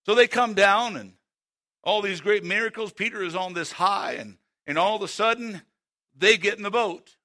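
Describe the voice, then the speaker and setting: A man preaching a sermon who swings between loud, emphatic calls and hushed, slow passages, and often asks the congregation direct questions. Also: high voice.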